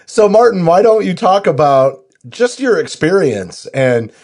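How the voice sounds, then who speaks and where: A man's voice: high voice, big pitch swings, a little slow, a little mellow. A man co-hosting a podcast, introducing the guest in an upbeat, promotional way. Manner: upbeat, promotional, many "you know" fillers. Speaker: podcast co-host. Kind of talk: podcast interview.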